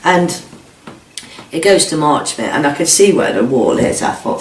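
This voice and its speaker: A man's voice: fairly high pitch, expressive, slight background noise. A middle-aged man speaks bluntly in an interview, swearing and stumbling over his words as he recounts events. He sits back from the mic, so his voice sounds distant in a roomy, echoing space with faint ambience behind it. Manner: blunt, sweary, halting retelling. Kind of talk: personal testimony.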